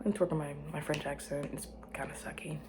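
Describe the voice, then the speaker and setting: A young woman in her room, chatting on her own in a loose, rambling monologue. Her voice sits a little low, and she turns playful and self-mocking as she repeats her phrases. A faint hiss runs underneath. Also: fairly even intonation, fairly quick, darkish tone. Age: young adult. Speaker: student vlogger.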